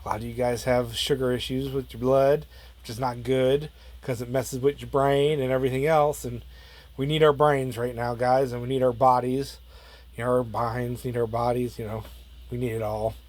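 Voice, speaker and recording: A man hosting a casual gardening vlog, rambling in a relaxed way with lots of fillers and trailing asides. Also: mid-range voice, normal speed. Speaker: plant grower and channel host.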